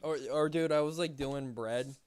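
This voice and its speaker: A man's voice: on the high side, normal speed, a little mellow, faint music behind. A young man streaming a game, chatting casually in a rambling, laid-back way with lots of swearing and filler words. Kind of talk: casual chat while gaming.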